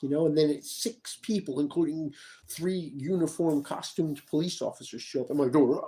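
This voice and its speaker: Man, mid pitch, mellow tone; rambling, halting monologue with lots of restarts. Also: low-quality recording. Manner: halting, with frequent restarts and repeated words.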